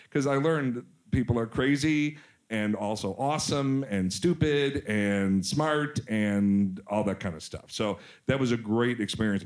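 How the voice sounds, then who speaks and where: A man in his forties talks loosely with a host. He jokes, mocks himself, and keeps turning his stories into bits. His voice sits at a middle pitch. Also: darkish tone. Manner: joking, self-mocking storyteller. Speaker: podcast guest, actor. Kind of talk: casual chat.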